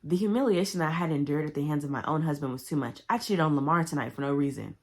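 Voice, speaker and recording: A woman casually recapping a book to camera, animated and chatty. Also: sits low, quick pace. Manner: chatty, animated retelling with loud quoted outbursts. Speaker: book vlogger.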